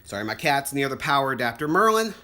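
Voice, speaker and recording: Middle-aged tech hobbyist vlogger, animated rise and fall, giddy thinking-aloud delivery. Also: mid-range voice, normal speed. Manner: excitable, thinks aloud, stumbles over words. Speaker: retro computer vlogger. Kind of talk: casual unboxing and setup commentary.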